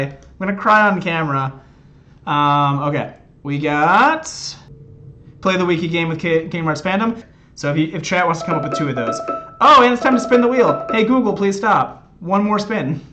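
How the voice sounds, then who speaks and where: A man's voice: high voice, pushed and bright. A man streaming a video game, chatting casually with his chat and joking about his exercise punishments. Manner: chatty, joking, self-mocking.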